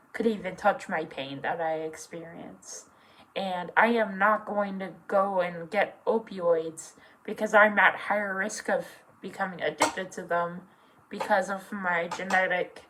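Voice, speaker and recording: A young adult with a feminine voice speaking in an earnest, halting way, full of fillers and close to tears at times. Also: female voice, on the low side, fairly bright tone, poor audio. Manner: emotional, near tears at times. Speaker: vlogger. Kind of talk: personal confessional vlog.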